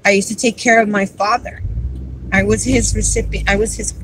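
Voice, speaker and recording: A woman at a middle pitch talks casually to her livestream viewers as a caregiver advocate. She is heartfelt and rambling, circling back and repeating words, and a faint hiss sits under her voice. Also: fairly even intonation, fairly quick, low-quality recording.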